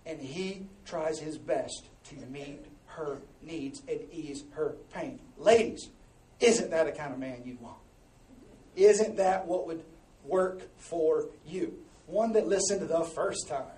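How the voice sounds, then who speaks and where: Animated, high-voiced preaching man. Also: slow pace. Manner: animated and conversational, jumping between hushed asides and loud exhortation. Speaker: pastor. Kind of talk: sermon. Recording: echoey room, distant mic, faint ambience.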